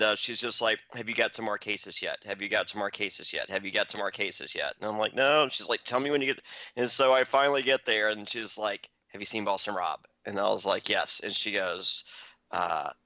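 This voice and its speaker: A man's voice: medium pitch, bright, forceful tone, dry recording. A man hosting a podcast, rambling and joking with lots of restarts in casual chat. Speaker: podcast host. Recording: dull dry podcast audio.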